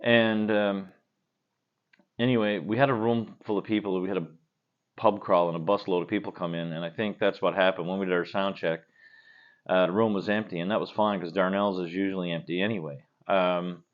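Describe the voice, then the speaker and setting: A man with a fairly low voice talks to camera at home, answering viewer questions while he drinks beer. He speaks bluntly and profanely and tends to ramble. The recording sounds dull and lo-fi. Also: steady tone, brisk. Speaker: cover band guitarist. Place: at home, indoors.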